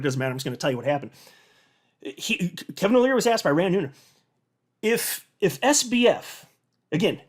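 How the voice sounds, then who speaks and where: A man giving a ranting, sarcastic commentary as a crypto video host. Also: high voice.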